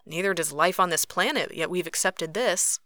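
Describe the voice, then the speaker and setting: A woman reading an audiobook who voices a calm young male Fae with patient, low, even replies. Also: normal speed, dry recording, studio quality. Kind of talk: audiobook character voice.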